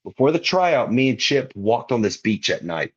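A man's voice: medium pitch, very animated, normal speed, breathy edge. A man in his twenties, a guest wrestler, telling a story in casual podcast talk and animatedly acting out other people's lines. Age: 20s. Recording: muffled lo-fi recording.

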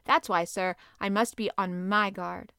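A grave, careful ship's commander, read by a woman narrator in a storybook reading. The delivery is measured and formal, at an ordinary middle pitch. The sound is dry and close. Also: steady tone, vocal fry, sharp tone, clear, resonant tone, no echo. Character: cautious, formal male frigate commander. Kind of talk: audiobook character reading.

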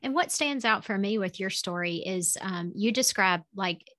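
Host: woman, Southern US accent, mid-pitched, attentive reflective interviewer. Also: moderate pace, fairly bright tone.

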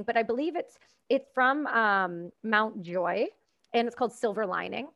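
A woman's voice: on the high side, a bit bright, no room sound. A woman from Canada hosting a casual podcast conversation, speaking bluntly and emphatically and swearing freely.

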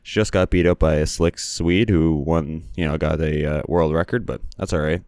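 A young man with a very deep, smooth, resonant voice talks through sports results in a loose, rambling way, full of fillers and blunt asides. The sound is dry and close, with no room around it. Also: fairly even intonation, normal speed, darkish tone, no room sound. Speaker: commentator recapping sports results. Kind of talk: casual solo commentary.

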